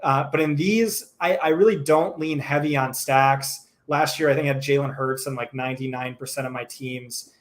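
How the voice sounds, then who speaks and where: Brisk, opinionated male co-host. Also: medium pitch, fairly even intonation. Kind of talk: casual chat on a live stream.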